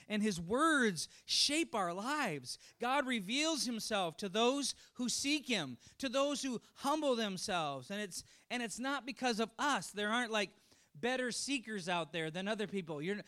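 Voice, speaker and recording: A man's voice: high-pitched, sharp tone. A middle-aged man preaching a conversational sermon, chatty, laughing often and repeating words as he thinks aloud. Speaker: pastor.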